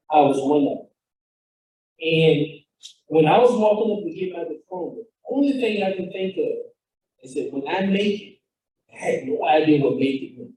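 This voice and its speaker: Fired up guy telling his story on stage, mellow voice, big echoey hall, kinda far from the mic. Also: a little high. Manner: fired up, storytelling with quoted dialogue. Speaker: founder and speaker. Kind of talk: motivational talk.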